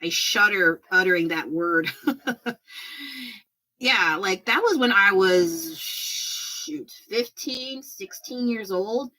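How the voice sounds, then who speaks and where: A woman's voice: mid-range voice, expressive, slow, bright, forceful tone, poor audio. A woman in her thirties chatting casually with viewers during a painting livestream, rambling and self-deprecating. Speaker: artist livestreaming while painting.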